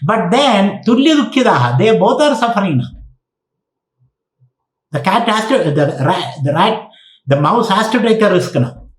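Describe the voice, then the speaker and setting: Spiritual teacher lecturing, echoey. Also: male voice, high voice, big pitch swings, normal speed, pauses often. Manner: storytelling with Sanskrit quotes and repeated phrases. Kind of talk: online lecture. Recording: roomy echo.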